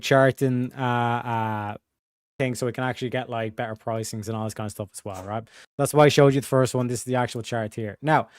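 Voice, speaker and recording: A man's voice: mid-range voice, darkish tone, clear, resonant tone, no echo, clean studio sound. A young man streaming live, rambling casually in slang and reading out viewer donations. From Ireland.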